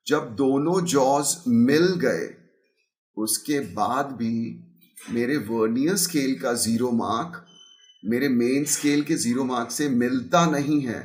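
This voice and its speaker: A man with an Indian accent teaching an online class, mixing English and Hindi and often checking in with "got it?" and "okay". His audio keeps breaking up because of a weak connection. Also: mid-range voice.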